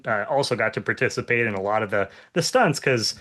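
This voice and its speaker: Bright-toned man hosting an interview. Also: lowish voice, lively intonation, brisk. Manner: rambling questions with many fillers and restarts, laughs easily. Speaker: interviewer host. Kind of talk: casual interview chat.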